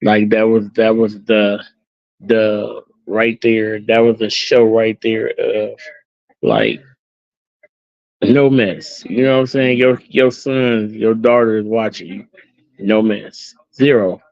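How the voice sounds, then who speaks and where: A man's voice: fairly low pitch, slow pace, creaky, a little mellow, no echo, dull audio. A man hosting a casual talk, speaking earnestly and often repeating "you know what I'm saying.". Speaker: host.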